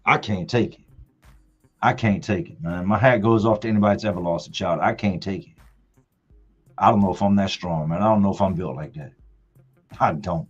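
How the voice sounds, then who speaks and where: Husky-voiced man telling a family story. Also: low-pitched, fairly quick, long pauses. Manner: emphatic, repeats words for effect. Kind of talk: casual live-stream storytelling. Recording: dull lo-fi sound with faint music.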